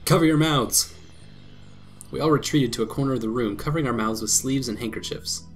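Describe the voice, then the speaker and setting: A man hosting a let's play, reading a visual novel aloud with quick laughs and commentary. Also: mid-range voice. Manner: lively reading broken by laughs and asides.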